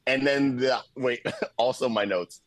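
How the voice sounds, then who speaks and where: Male podcast co-host, casual movie recap, animated and profane, laughs a lot, dry close mic. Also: mid-range voice, measured pace, no room sound. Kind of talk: casual movie-review chat.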